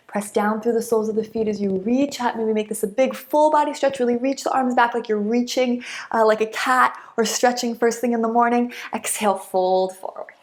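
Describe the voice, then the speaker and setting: A woman teaching a yoga class, calmly giving breath-timed cues with soft hums and encouragement between them. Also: mid-range voice. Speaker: yoga instructor. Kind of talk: guided yoga class instruction.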